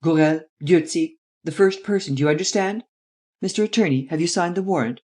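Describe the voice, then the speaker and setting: A reader playing a cool, shrewd chief detective in an audiobook, formal and exact in every phrase. The voice stays at a middle pitch, even and controlled. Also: natural voice. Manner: measured, formal, precise.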